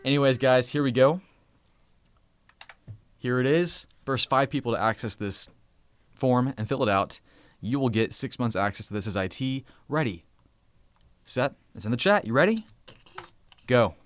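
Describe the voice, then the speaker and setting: A man in his thirties hosting a casual live stream, talking in an upbeat, hurried way and now and then hushing his children. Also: medium pitch, lively intonation, clean tone. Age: 30s. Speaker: host.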